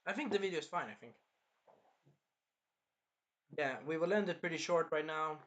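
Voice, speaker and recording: Bright rambling young male reviewer. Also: on the high side, normal speed. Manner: rambling, filler-heavy, acts out scenes. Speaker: anime reviewer host. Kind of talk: casual video review.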